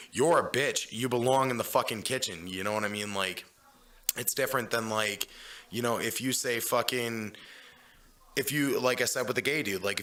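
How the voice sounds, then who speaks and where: A man's voice: lowish voice, pushed and bright. A man hosting a casual podcast chat, rambling and swearing, peppering his talk with "you know what I'm saying.". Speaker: podcast host.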